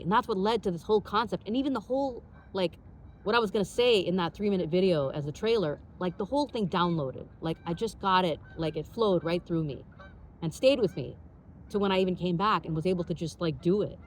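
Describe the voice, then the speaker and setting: Woman, podcast host, personal storytelling, animated, frequent "like" fillers, quick delivery, faint background noise. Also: on the low side. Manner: animated, full of "like" fillers and acted-out dialogue.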